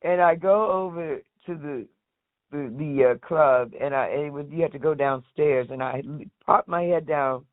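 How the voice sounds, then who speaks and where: A woman's voice: sits low, moderate pace, no room sound. Storytelling woman on a tinny line. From United States. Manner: lively, acts out quoted voices. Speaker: guest, singer. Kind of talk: casual storytelling interview. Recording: tinny phone-like line, dry.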